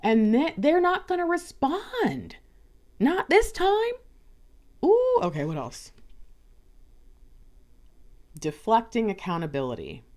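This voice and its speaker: A woman with a lowish voice that swings widely in pitch, chatting through a tarot reading. She talks loosely and playfully, slipping into little voices to act out how people text and talk. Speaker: tarot reader. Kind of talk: casual tarot card reading.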